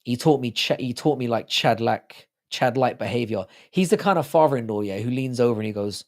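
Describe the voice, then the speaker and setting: A man's voice: mid-range voice, a little fast, few pauses. A man hosting a livestream, rambling profanely in casual chat and reading out viewer comments. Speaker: livestream host.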